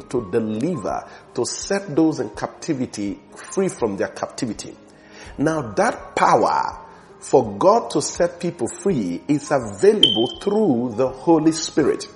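Emphatic male preacher, faint music behind. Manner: emphatic, swelling loud on key phrases and dropping low. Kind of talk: sermon. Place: church.

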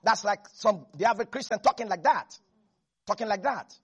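A preacher giving an animated sermon, repeating lines for emphasis and laughing often. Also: mid-range voice, a little fast, husky, lo-fi sound. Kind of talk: lively sermon.

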